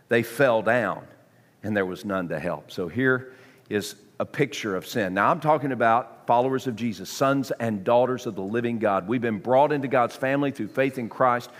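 A man preaching a sermon to a congregation, swinging from hushed tones to near-shouting. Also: medium pitch, normal speed, big-room sound. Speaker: pastor.

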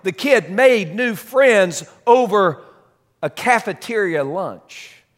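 A man preaching a sermon as a story, dramatic, swinging between loud and soft. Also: sits high, lively intonation, slow pace. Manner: dramatic, shifts loud and soft, repeats words.

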